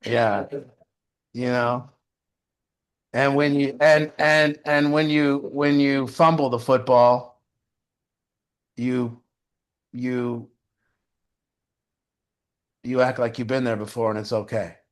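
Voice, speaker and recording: A man giving casual recovery advice, animated and profane, with many fillers. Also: mid-range voice, takes it slowly, pauses often. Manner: animated, swearing, frequent "you know". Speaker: recovery mentor.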